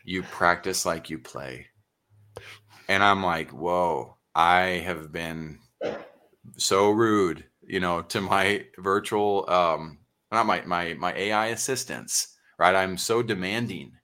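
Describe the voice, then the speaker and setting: Deep, bright-toned man speaking slowly. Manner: thoughtful, halting, with many fillers. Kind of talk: casual conversation.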